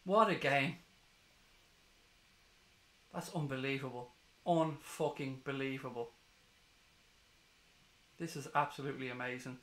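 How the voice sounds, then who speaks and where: A man streaming a live football watchalong, ecstatic and swearing, reading chat messages aloud, hoarse from screaming. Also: medium pitch, fairly even intonation, a little slow, long pauses, a bit bright, echoey room.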